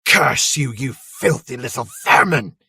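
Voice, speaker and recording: A man's voice: on the low side, sing-song, unhurried, fairly bright tone, no room sound, clean studio sound, full character voice. A man reading aloud and voicing a sinister male orc who hisses out his threats. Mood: raging. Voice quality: gravelly, hissing. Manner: silky threats that flare into snarling. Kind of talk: dramatic reading.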